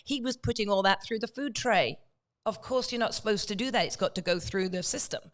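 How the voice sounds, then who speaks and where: A woman guest on a talk show, telling a story in a lively way and acting out the dialogue. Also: mid-range voice, brisk. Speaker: guest, true crime author.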